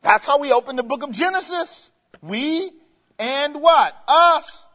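Male preacher with a very high voice, leads the crowd with call-and-answer questions, recorded dull and lo-fi in a hall with long echo. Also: lively intonation, a little slow, pushed and bright. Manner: asks the congregation questions and has them answer; explains grammar step by step, with emphatic rises. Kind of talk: sermon teaching.

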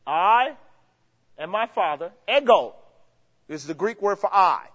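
Male preacher with a very high voice, leads the crowd with call-and-answer questions, recorded dull and lo-fi in a hall with long echo. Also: lively intonation, slow, fairly bright tone. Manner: asks the congregation questions and has them answer; explains grammar step by step, with emphatic rises. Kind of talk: sermon teaching.

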